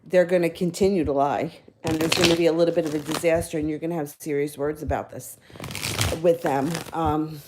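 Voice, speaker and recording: A woman's voice: deep voice, fairly even intonation, fairly quick, noisy background. A woman giving tarot readings on a live stream, talking in a casual, rambling way, correcting herself and chuckling between phrases. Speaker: tarot reader.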